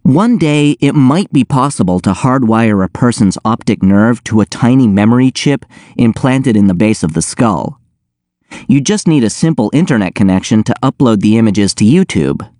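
A man reads a first-person audiobook with a wry, deadpan edge. His pitch moves in a lively way over a mid register. The sound is close and dry. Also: moderate pace, no echo. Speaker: audiobook narrator.

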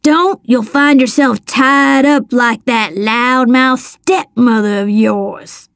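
A woman voicing a drunk, violent middle-aged man who snarls threats, read slowly in a dry, close storybook reading. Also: a little high, vocal fry, a little mellow, dry recording, full character voice. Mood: menacing.

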